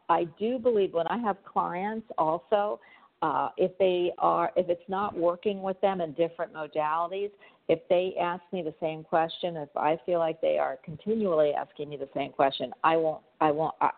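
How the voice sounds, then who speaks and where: A woman's voice: lowish voice, steady tone, moderate pace, creaky. A woman hosting a casual call-in show as a psychic reader, rambling and restarting her sentences. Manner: rambling, restarts often, chatty. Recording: phone-like narrow sound.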